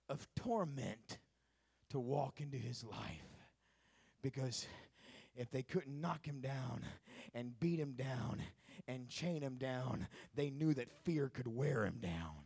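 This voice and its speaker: A male preacher giving a sermon in a church, swinging from hushed lines to shouted, rhythmic repetition. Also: medium pitch, vocal fry, breathy edge.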